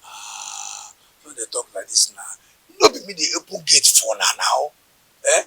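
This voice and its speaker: An actor with a Nigerian Pidgin accent playing a fawning, pleading male gateman in a Nollywood film, husky and wheedling. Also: on the low side, huge pitch swings, normal speed, sharp tone, dry recording, exaggerated voice, low-quality recording. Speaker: gatekeeper.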